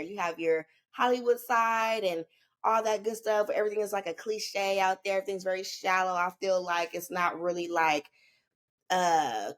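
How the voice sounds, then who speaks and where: A woman, a podcast guest talking in a laid-back, slangy, rambling way. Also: mid-range voice. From Northern California. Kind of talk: casual chat.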